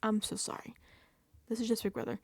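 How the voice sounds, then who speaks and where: Woman, recap vlogger, animated, emphatic, whispered asides, casual swearing, higher voice, dry close sound. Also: a little fast, dry recording. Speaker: reality TV recap host.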